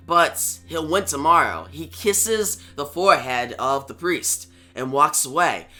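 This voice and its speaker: A man's voice: on the high side, bright, forceful tone. A man reviewing a comic book on video, retelling the story casually and talking to viewers. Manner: plain retelling with fillers and asides to viewers.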